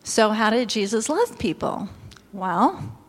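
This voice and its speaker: A woman giving a sermon, telling a lively personal story with exclamations and laughter, then reading scripture. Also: medium pitch, takes it slowly. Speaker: pastor's wife or preacher. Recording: long hall reverb.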